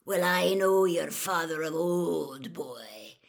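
A woman voicing a gruff, menacing old male wizard in a storybook reading, with a low, gravelly, growling delivery. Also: animated, heavily acted. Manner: blunt, growling threats, drawn-out stress.

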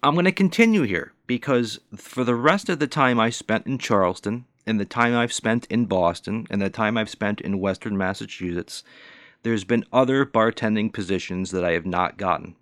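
A man's voice: on the low side, normal speed, a bit bright, no room sound, clean studio sound. A man in his forties, a bartender, ranting in a profane, indignant and mocking way. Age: 40s. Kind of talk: ranting monologue.

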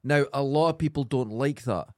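A man co-hosting a podcast, telling sweary anecdotes in a casual, animated way. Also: medium pitch, moderate pace, dry recording, clean studio sound. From Scotland. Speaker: podcast co-host. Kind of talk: casual chat, storytelling.

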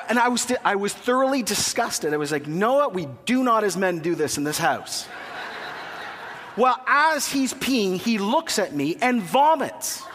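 A man's voice: high-pitched, a bit bright, long reverb tail, slight background noise. A man in his thirties preaching a sermon in a church, telling a funny story with asides before turning to scripture. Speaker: pastor. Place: church sanctuary.

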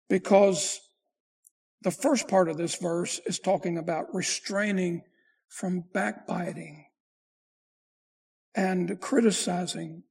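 Raspy high-voiced preaching pastor. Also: male voice, a little mellow. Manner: preaching with emphatic rises and slow drawn-out phrases. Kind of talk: sermon.

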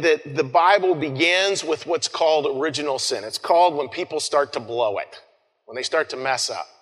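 Pastor with a slightly high voice preaching in a reverberant hall. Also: male voice. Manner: conversational, with frequent restarts and soft trailing phrases. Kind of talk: Easter sermon.

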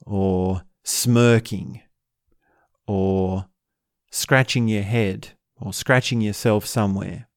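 A man's voice: lowish voice, vocal fry, no echo, studio quality. A man hosting a self-help video, talking through a practical tip in a playful, wandering way. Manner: playful, wandering, breaks into laughs. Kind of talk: casual spoken tip monologue.

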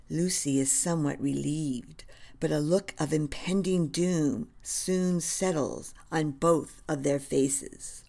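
A woman narrating a historical screenplay-style story with a measured, descriptive reading. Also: low-pitched, gravelly, warm tone.

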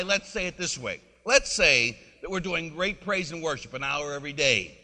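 A man's voice: a little high, pushed and bright, big-room sound. A man, a Catholic priest, preaching a conversational sermon and leading his congregation to repeat a phrase. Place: church.

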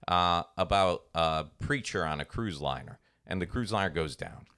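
Deep-voiced, bright-toned male podcast host. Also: moderate pace, clean tone. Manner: animated storyteller, acts out voices in anecdotes. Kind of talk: casual chat, storytelling.

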